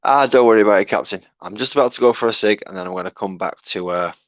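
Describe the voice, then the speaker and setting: A man's voice: lowish voice, fast talker, dry recording, highs cut off. A man chatting casually on a live stream while he sets up his hobby gear, muttering to himself as he fiddles with things, on a wired headset. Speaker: streamer painting miniatures.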